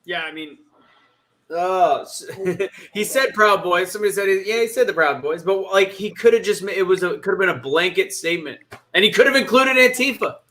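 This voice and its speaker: Bright high-voiced man musing. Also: animated, fairly quick, a little hiss or hum. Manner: hesitant, restarting, thoughtful. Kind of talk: casual chat.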